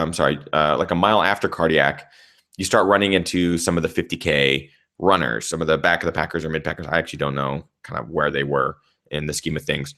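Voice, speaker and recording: A young man, a trail runner and channel host, recapping a race in casual, animated storytelling, swearing freely. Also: deep voice.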